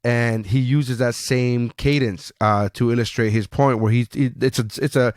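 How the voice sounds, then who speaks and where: A man co-hosting a casual podcast chat, swearing freely and retelling film scenes with lively energy over a remote call. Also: medium pitch, normal speed, dry recording, clean studio sound. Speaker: podcast co-host.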